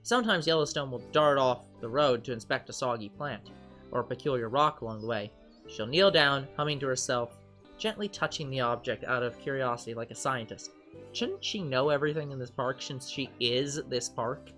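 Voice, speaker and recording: A man's voice: mid-range voice, normal speed, faint music behind. A man hosting a game channel, reading a visual novel aloud and joking between lines. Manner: lively, joking, animated laughing outbursts. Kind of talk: let's play narration and banter.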